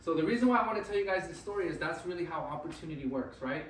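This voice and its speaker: A man telling a story live to an audience at an event, animated and often checking in with "right?". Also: fairly high pitch, very fast, slight background noise. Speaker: motivational speaker at an event. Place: event venue. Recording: echoey room, mic at a distance, faint ambience.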